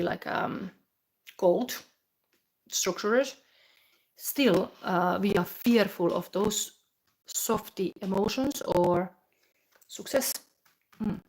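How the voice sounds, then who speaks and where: Slow, musing woman tarot reader. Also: fairly low pitch, darkish tone, poor audio. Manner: slow, musing, reads card texts then comments with fillers. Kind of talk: live tarot reading, reading cards aloud.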